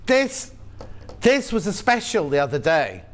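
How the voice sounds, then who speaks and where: A man's voice: fairly high pitch, wildly swooping pitch, measured pace. A man with a Yorkshire accent presenting live on a shopping channel, chatty and playful with jokey asides.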